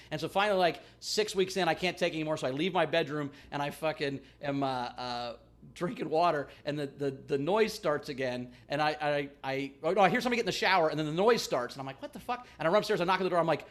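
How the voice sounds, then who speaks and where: High bright-voiced man telling a story. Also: quick pace. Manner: animated, swearing, acting out voices and noises. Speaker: comedian guest. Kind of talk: casual storytelling.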